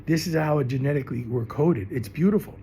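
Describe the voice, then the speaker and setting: A man's voice: fairly high pitch, fast talker, mellow, slight background noise. A middle-aged man teaching in an emphatic, rambling monologue, often repeating himself. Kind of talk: impassioned monologue to camera.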